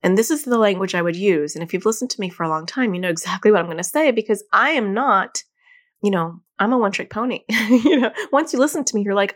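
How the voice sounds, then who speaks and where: A middle-aged woman, a therapist hosting a podcast, giving casual advice to parents in an animated, conversational way and laughing at herself. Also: mid-range voice, brisk. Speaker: podcast host and child anxiety therapist.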